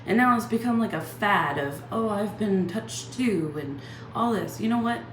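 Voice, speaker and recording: A woman's voice: mid-range voice, lively intonation, moderate pace, reverberant, background noise. A young woman ranting heatedly to the camera, swearing constantly and firing off rhetorical questions. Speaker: channel host ranting. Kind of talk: angry profane rant to camera.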